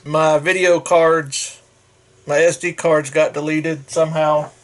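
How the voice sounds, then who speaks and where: Man in a casual gear review, slow and rambling with a slightly high voice. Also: little pitch movement. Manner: rambling, self-correcting, folksy.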